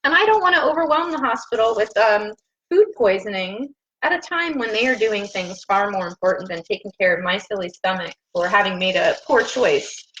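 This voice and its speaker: A woman's voice: mid-range voice, animated, a little fast, fairly bright tone, muffled recording. A woman hosting a home cooking live stream from her kitchen, bubbly and gushing, laughing often as she chats to viewers. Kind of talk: casual live-stream chat. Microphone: laptop on the counter.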